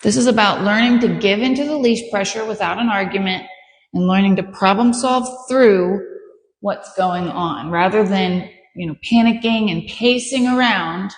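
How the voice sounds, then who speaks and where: A woman dog trainer calmly and patiently explaining her training steps as she works a dog. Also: moderate pace, roomy sound, big-room sound. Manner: calm, patient explaining, bursts of high praise.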